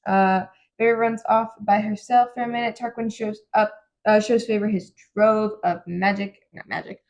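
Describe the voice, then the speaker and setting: A young woman casually recaps chapters on a book podcast, tossing in ums and the odd swear word. Her voice has a gravelly fry to it, and she slips into quick impressions of the characters as she goes. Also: mid-range voice, fairly even intonation, a little mellow, lo-fi sound. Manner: retells scenes in quoted voices, frequent ums, swears casually. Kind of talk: casual book-club chat.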